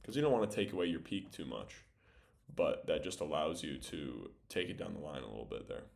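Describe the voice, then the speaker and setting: A young man talks through game footage in an easygoing, rambling way, his voice deep and gravelly with frequent fry. Mouse clicks and typing tap away behind him at the desk. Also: fairly quick. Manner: relaxed, thinking aloud with many fillers. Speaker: volleyball film analyst. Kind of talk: casual video breakdown commentary.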